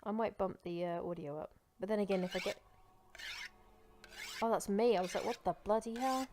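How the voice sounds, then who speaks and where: A woman commenting chattily on a game during a live stream, wry and quick to swear and laugh at the game. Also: lowish voice, noisy background.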